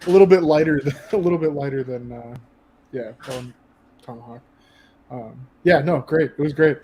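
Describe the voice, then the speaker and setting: A man's voice: medium pitch, normal speed, a little mellow, poor audio. Male co-host, casual chat, brief dry quips. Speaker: podcast co-host.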